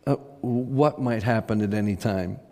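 A bright, smooth-talking young host, played by a male preacher, coaxing and upbeat as he draws people forward. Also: fairly low pitch, unhurried, in a large hall. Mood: cheery. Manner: cheery, coaxing.

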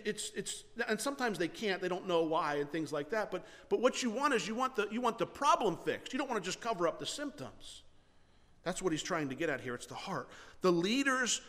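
A man with a high voice preaches a sermon, sounding earnest as he asks his listeners questions. He often stumbles over and repeats his words before pushing on. His voice carries a long reverb, as in a church sanctuary. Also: a bit bright. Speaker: pastor.

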